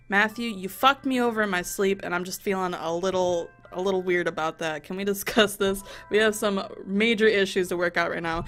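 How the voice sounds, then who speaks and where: A woman's voice: lowish voice, fairly quick, hardly any pauses. A young woman playing a visual novel, reading the story aloud and cutting in with profane, joking commentary. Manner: expressive, profane, jokey asides. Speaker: let's play host. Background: faint music.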